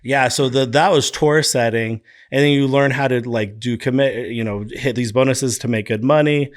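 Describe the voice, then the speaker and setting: A man on a podcast, a guest chatting casually and telling lively stories, now and then slipping into quick impressions. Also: medium pitch. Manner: lively storyteller who slips into impressions. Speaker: podcast guest, business founder. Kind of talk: casual storytelling interview.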